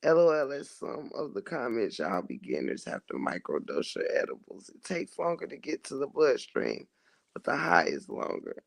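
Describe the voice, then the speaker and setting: Guy with a raspy fry voice telling a wild story to his chat, laughing and cussing. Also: medium pitch, moderate pace. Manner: animated, swears freely, laughs often, calls viewers child. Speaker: livestream host reading chat.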